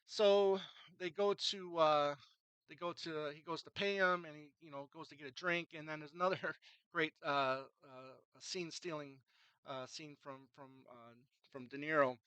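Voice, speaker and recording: A man's voice: fairly high pitch, fairly even intonation, a little slow, a bit bright, clear, resonant tone, dry recording, lo-fi sound. A man casually reviewing a film, retelling its scenes in a rambling way with many fillers and restarts.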